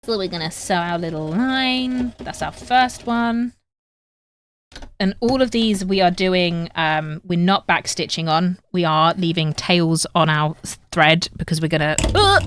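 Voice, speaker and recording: Sewing on a livestream, a young Englishwoman from the north chats easily with her audience, reading out their messages and talking to them as she works. Her voice sits on the low side, with slight background noise.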